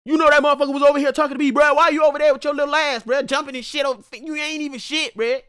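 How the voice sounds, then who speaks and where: A man's voice: extremely high pitch, level tone, rapid-fire, bright, forceful tone, dry recording, studio quality, pitched above the performer's own voice. A man voicing a jealous male shelter dog who taunts another dog in boastful street talk. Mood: jealous taunting.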